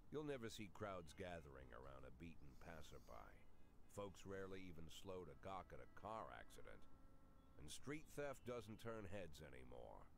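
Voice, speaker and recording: A man's voice: a bass voice, vocal fry, a little hiss or hum, full character voice. An actor playing a world-weary older male police chief, narrating a game in a dry, sardonic noir voice-over.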